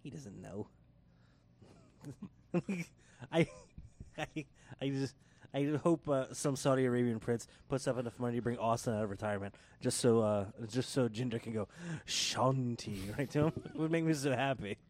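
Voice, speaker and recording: A man's voice: mid-range voice, moderate pace, a little mellow. A man co-hosting a casual wrestling podcast, laughing often and slipping into playful voices as he talks. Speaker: podcast co-host.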